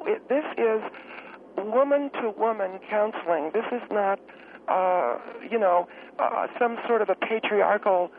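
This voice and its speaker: A man's voice: sits high, voice pushed up. A man voicing a prim, condescending middle-aged woman who runs a clinic, talking hesitantly with many ums and uhs over the phone. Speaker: guest. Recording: tinny phone line with faint hiss.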